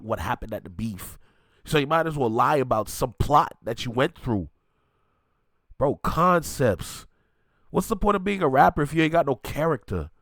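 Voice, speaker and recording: A man's voice: mid-range voice, no echo, studio quality. A man hosting a music reaction video, ranting emphatically and in disbelief as he gives his take.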